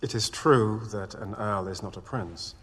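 An actor playing a persuasive noble envoy in a husky, measured voice. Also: male voice, fairly low pitch, a bit bright. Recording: reverberant film soundtrack.

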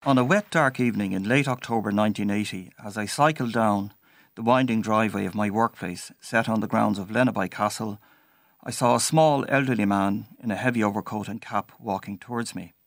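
A man narrating a personal story in a measured, storytelling way. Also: on the low side, no echo, studio quality.

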